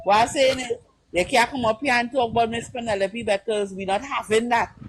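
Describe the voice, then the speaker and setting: A woman's voice: on the high side, steady tone, brisk, breathy edge, poor audio. A woman with a Trinidadian accent, speaking as a caller on a live-stream panel. She talks in an impassioned, emphatic way, repeats her points and keeps asking whether you understand.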